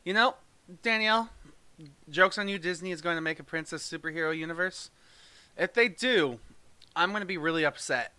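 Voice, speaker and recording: Bright, high-voiced chatty male co-host. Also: lively intonation, fairly quick, long pauses, clean tone. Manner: chatty, laughs often, rambling sign-off. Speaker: podcast co-host. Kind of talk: casual chat.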